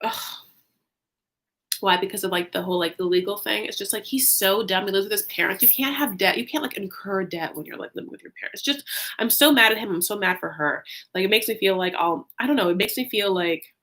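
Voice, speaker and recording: A woman recaps reality TV in a casual vlog. Her voice is bright and forceful. She talks in a chatty, animated way and leans on "like" constantly. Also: mid-range voice, a little fast. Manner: chatty, heavy use of "like", animated asides.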